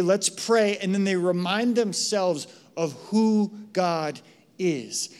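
A man's voice: high voice, a little mellow. A man from the United States preaching a sermon, telling a story with lots of "right?" asides. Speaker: pastor.

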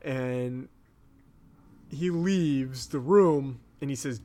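A man's voice: medium pitch, drawn-out words, pauses often, mellow. A young man co-hosting a podcast, recapping an episode in a rambling, unsure way with many fillers. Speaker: podcast co-host.

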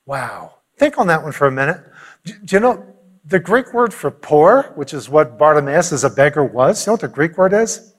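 Male pastor, sermon delivery, lively storyteller, slightly high voice. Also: normal speed. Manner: animated storytelling, acting out quotes.

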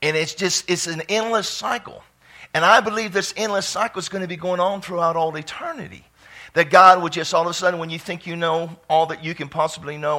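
A man preaching a sermon from a church pulpit, fervent and prone to sudden excited shouts. His voice sits high for a man. It has a bright, ringing edge. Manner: fervent, bursts into shouts and exclamations. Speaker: pastor.

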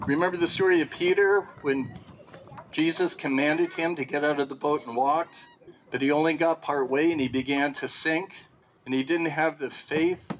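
A man's voice: fairly high pitch, moderate pace, fairly bright tone, slight background noise, rough recording. A man teaching a Bible lesson, reading verses aloud and asking rhetorical questions as he explains them. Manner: reads scripture aloud then explains it, asks rhetorical questions.

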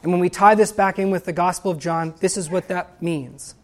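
A woman preaching a sermon with a lowish voice. She builds to loud, emphatic exclamations. She also reads scripture and hymn lines aloud. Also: brisk.

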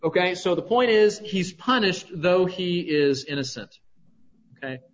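A male preacher with a high voice teaches through a scripture passage verse by verse, pausing often to ask "right?". The recording is dull and lo-fi. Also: expressive. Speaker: pastor. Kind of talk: sermon.

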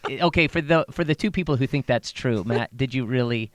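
Playful pastor hosting a Bible podcast. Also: male voice, medium pitch, a little fast. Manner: playful and joking, then earnest when explaining scripture. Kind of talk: casual Bible discussion.

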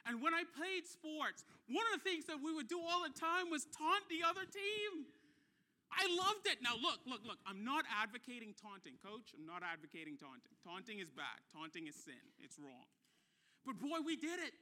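A man preaching a sermon as a pastor in an animated way, with playful asides and words repeated for emphasis. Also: extremely high pitch, moderate pace.

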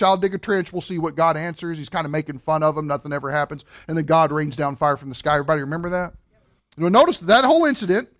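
A man's voice: extremely high pitch, a bit bright. A man preaching a sermon, working through a scripture passage with rhetorical questions and humorous asides. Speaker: pastor.

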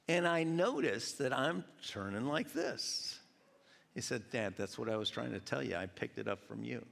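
Guy from georgia preaching, lively storytelling, big echoey church hall. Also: mid-range voice, normal speed, vocal fry. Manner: animated storytelling with voiced quotes. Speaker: pastor. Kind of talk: sermon. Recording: long hall reverb.

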